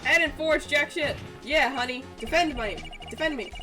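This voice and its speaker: Phoenix Wright, voiced by a woman, brash and high. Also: moderate pace, lightly acted. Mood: cocky. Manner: excited, boastful, mocking. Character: brash young male defense attorney, cocky loose cannon. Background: game music.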